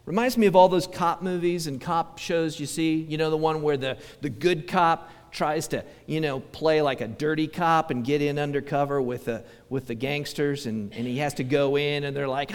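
Male pastor, fairly high voice, chatty sermon delivery with acted-out quotes, church-hall reverb. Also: fairly even intonation, moderate pace, hardly any pauses, clear, resonant tone. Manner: conversational preaching, acts out quoted voices, frequent restarts.

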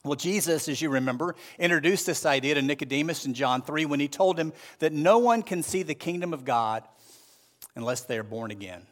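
Earnest higher-voiced male preacher. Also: lively intonation. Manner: earnest, measured preaching with slow emphatic phrases. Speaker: pastor. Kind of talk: sermon.

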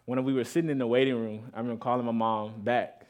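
A man delivers a heartfelt sermon from the pulpit, his voice sitting at an ordinary middle pitch. He tells a personal story and grows more intense at its hardest moments. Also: steady tone, quick pace, darkish tone. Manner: emotional, rising intensity at moments of grief. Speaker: pastor.

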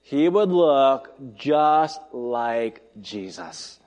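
A man preaching an expository sermon, emphatic, asking rhetorical questions and swinging between loud and soft delivery. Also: mid-range voice, big pitch swings, extremely slow, long reverb tail. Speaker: pastor.

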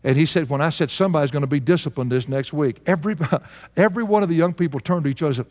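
Racing along in a fairly high, slightly mellow voice, a man in his sixties preaches. The pastor's sermon story comes with earnest emphasis and occasional chuckles, heard through long hall reverb.

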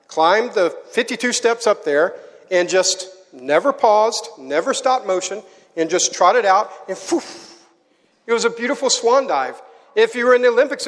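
A man preaching to a live audience, telling a story with animated energy and getting the crowd to join in. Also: sits high. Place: large hall. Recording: hall with long reverb.

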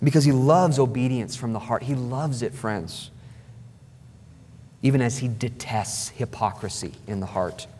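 A man's voice: mid-range voice, unhurried, a little mellow, a little hiss or hum. A man preaching a sermon as pastor, emphatic and repeating phrases for stress. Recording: long hall reverb.

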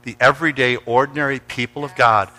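Animated preaching man, bright voice. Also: medium pitch, a little fast, in a large hall. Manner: animated, acts out voices and sounds in stories. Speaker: pastor. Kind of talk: sermon with storytelling.

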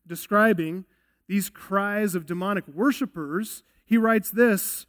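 A man's voice: sits high, slow pace, a bit bright. A male pastor preaching an expository sermon, earnest and emphatic, often asking rhetorical questions.

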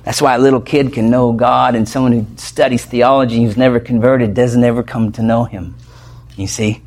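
A male pastor delivering an expository sermon with a voice of ordinary pitch for a man. He is emphatic and keeps firing rhetorical questions at the congregation. His delivery swings from loud, ringing declarations to hushed, near-whispered passages. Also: fairly even intonation, moderate pace.

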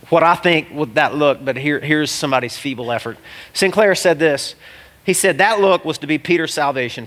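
A man delivers a sermon with a voice set somewhat high for a man. His tone is bright and forceful. He preaches in an animated way, shouting out one moment and dropping to a near hush the next. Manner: animated, exclamatory preaching that swings from loud to hushed. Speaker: pastor.

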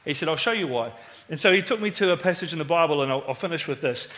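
Casting note: New Zealand preacher, chatty and animated, bright tone. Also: male voice, fairly high pitch, fast talker. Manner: conversational, animated, acts out quoted voices. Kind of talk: sermon storytelling.

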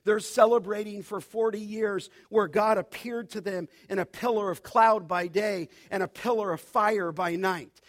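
High-voiced man preaching a sermon. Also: steady tone. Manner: emphatic, repeats key phrases, slows for quoted scripture. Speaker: pastor.

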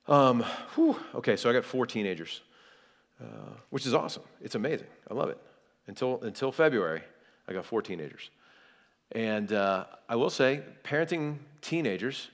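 A man in his forties, a pastor, teaching a church parenting class in a relaxed, conversational way with frequent restarts. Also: mid-range voice.

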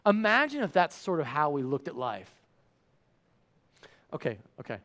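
A man's voice: on the high side, normal speed, long pauses. A man preaching a sermon, telling a funny everyday story and acting out the voices in it. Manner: animated, acts out voices. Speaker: pastor.

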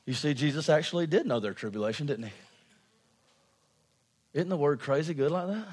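A man preaching a sermon to his congregation, animated and expressive, swinging between loud emphatic lines and hushed ones. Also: a little high, a little fast, husky. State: out of breath. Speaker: pastor.

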